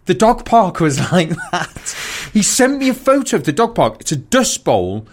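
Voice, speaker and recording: A man chatting on a podcast, telling stories with shouted quotes and laughter. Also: high-pitched, moderate pace, slight background noise. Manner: animated storyteller, shouts quoted lines and laughs mid-story. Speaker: podcast co-host. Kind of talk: casual chat.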